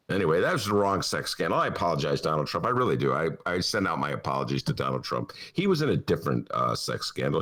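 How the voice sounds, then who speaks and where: A man hosting a comic political talk show from his attic, sarcastic and animated, with a Chicago accent. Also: on the low side. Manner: sarcastic, animated, jumps between mock voices and asides. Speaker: podcast host. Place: home attic studio.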